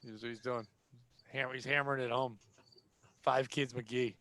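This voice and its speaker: A man hosting a podcast, telling casual comedic stories in an animated, profane way and acting out the people in them. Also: medium pitch, moderate pace. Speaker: podcast host.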